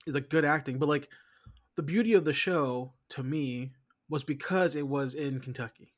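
A man's voice: on the high side, moderate pace. Profane, rambling podcast co-host man. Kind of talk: casual chat.

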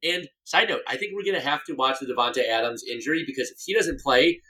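A co-host of a laid-back sports podcast who rambles and jokes. The voice sits in a middle pitch, and the talk wanders with fillers and restarts. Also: lively intonation, fast, pushed and bright, low-quality recording. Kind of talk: casual sports chat.

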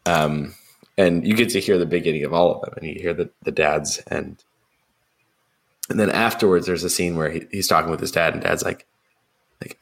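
A young man with a very deep voice co-hosts a relaxed podcast chat about a film. He rambles, fills gaps with ums, and slips into acted-out quotes. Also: a little fast, gravelly. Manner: rambling, lots of ums, acts out film lines in a raised voice. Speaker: podcast co-host.

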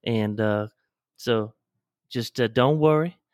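A folksy, drawling Southern surgeon, as a man puts him on. His voice is pitched up and a little louder than his usual talk, easy and reassuring. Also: takes it slowly, no room sound, studio quality, close to an everyday voice. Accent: Southern US, put on.

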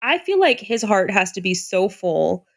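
A woman co-hosting a casual book discussion podcast, animated and acting out characters' lines. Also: mid-range voice, measured pace, vocal fry. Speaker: podcast co-host.

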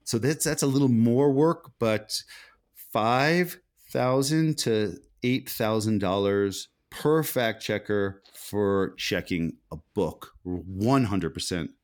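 A man's voice: lowish voice, slow. An American man speaking as an author guest in a conversational interview, thoughtful and often restarting his sentences. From United States. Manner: thoughtful, many restarts and self-corrections.

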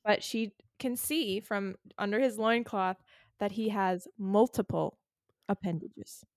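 A woman co-hosting a casual chat podcast, telling a story in an animated, giggly way and checking in with "okay?" often. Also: mid-range voice, measured pace, dry recording. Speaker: podcast co-host. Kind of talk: casual chat recapping a book.

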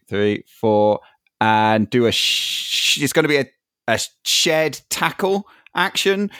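A man's voice: lowish voice, fairly bright tone, no echo, studio quality. A man playing a tabletop game, describing his character's moves hesitantly with many fillers. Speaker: player.

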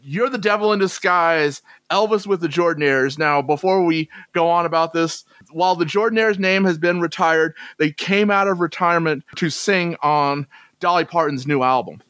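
Male co-host, slightly high voice, casual and chatty, dry close sound. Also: normal speed, a bit bright, dry recording. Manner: chatty, conversational, trails into asides. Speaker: podcast co-host. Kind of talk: casual chat about music charts.

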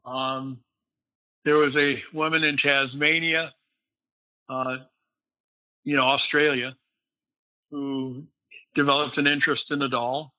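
A man's voice: mid-range voice, little pitch movement, takes it slowly, long pauses, no echo. A man, a guest, casually telling a long story in a rambling way, filled with "you know.". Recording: phone-like line, dry.

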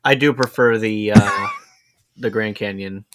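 A man's voice: lowish voice, a little slow, background noise. A man who co-hosts and edits a casual movie podcast, chatting in a self-mocking way. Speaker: podcast co-host and editor. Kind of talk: casual movie review chat.

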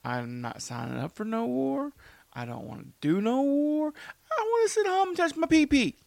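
A man's voice: very high-pitched, big pitch swings, normal speed, gravelly, darkish tone, no room sound, clean studio sound, voice pushed up, heavily acted. A man putting on the voice of a whiny, lazy young man who refuses to go to war. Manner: whining, petulant.

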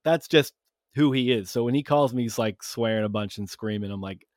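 A man's voice: mid-range voice, fairly quick, no echo, clean studio sound. A male podcast host telling a casual, rambling story with plenty of swearing and self-mocking jokes.

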